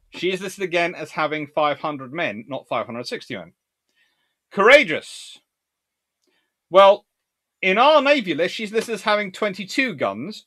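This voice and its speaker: A man hosting a live-stream history talk, reading out chat questions and answering with animated asides. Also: on the high side. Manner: animated, quick asides and laughs. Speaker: naval historian host.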